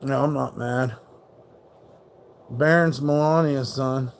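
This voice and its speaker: A man's voice: mid-range voice, fairly even intonation, slow pace, creaky, a little hiss or hum. A man hosting a live stream, ranting in a rambling, profane and mocking way while reacting to chat. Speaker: livestream host.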